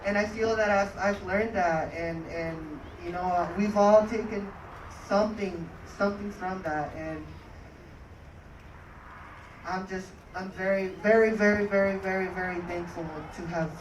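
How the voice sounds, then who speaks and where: Halting speaker at an outdoor memorial. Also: medium pitch, fairly even intonation. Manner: hesitant, many repeated words. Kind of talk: halting heartfelt tribute. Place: outdoor skatepark crowd gathering. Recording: distant echoey mic with crowd noise.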